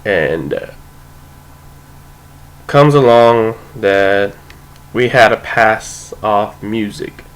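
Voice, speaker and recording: A man's voice: fairly low pitch, lively intonation, extremely slow, long pauses, low-quality recording. A young man casually telling a rambling, profane story, full of "like" and "you know".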